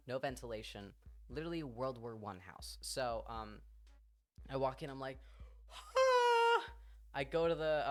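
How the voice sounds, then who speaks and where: A man telling a wild personal story on a live stream. He talks at a medium pitch, swears freely, and fills his lines with "like" and laughs. Faint music plays behind him. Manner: animated, profane, lots of fillers and laughter.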